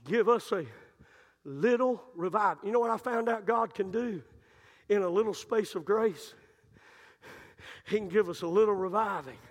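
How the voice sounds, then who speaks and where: A man preaching a sermon, telling stories and building to shouted climaxes. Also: sits high, normal speed, pauses often. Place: church sanctuary. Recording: long reverb of a church hall.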